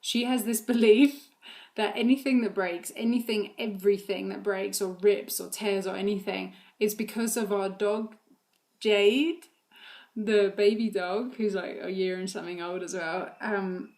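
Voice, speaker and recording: Brief: mum vlogger, casual chat, loose fillers, easy laughs. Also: female voice, mid-range voice, fairly even intonation, measured pace, a little mellow. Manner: chatty, many fillers, laughs often. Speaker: vlogger and mother. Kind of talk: casual chat about her toddler.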